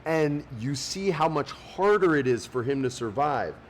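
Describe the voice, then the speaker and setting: A man's voice: on the high side, measured pace, a little hiss or hum. Swearing man on a podcast mic. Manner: swears freely, acts out quoted people in animated voices. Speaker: podcast co-host. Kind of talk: casual podcast chat. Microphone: podcast studio mic.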